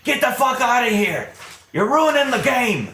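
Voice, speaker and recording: A man's voice: medium pitch, a little slow, a little hiss or hum, natural voice. A man doing a snappish hot-tempered hobgoblin. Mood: angry. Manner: shouting, cursing, bossy. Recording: echoey room.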